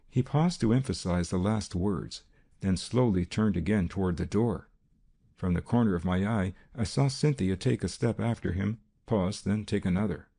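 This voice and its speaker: Gravelly low-voiced male narrator. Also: moderate pace, warm tone. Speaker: audiobook narrator. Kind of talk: scripted narration.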